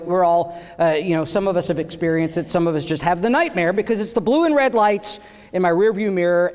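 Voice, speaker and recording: A middle-aged man performing a stand-up comedy set on stage, telling stories and acting out voices with big jumps in pitch. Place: theater stage before a live audience. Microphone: stage microphone. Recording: live theater recording with long reverb.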